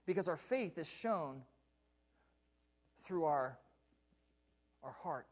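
A man's voice: fairly high pitch, expressive, takes it slowly. A man preaching a sermon from a church pulpit, repeating key lines and putting questions to the congregation. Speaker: pastor.

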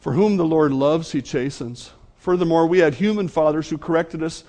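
A man's voice: a little high, normal speed, dark tone. A man preaching a sermon to his congregation, speaking earnestly and addressing them directly. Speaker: pastor.

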